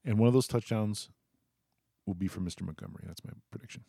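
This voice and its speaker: A man's voice: on the low side, fast, vocal fry, mellow, slightly rough, dry recording, clean studio sound. Joking guy talking sports. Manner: loose, joking, trails off and restarts. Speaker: sports talk co-host. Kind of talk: casual sports chat.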